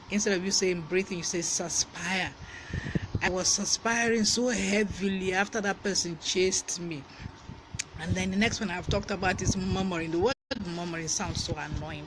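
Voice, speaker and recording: A man's voice: high-pitched, background noise. A man from Nigeria with a Nigerian English accent, hosting a casual live-stream vocabulary lesson and greeting viewers by name. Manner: lively, greets viewers by name, laughs often.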